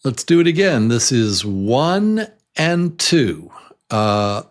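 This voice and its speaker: Middle-aged male teacher for a beginner lesson, very slow and lively, models sounds, cheers right answers. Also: mid-range voice. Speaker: English teacher.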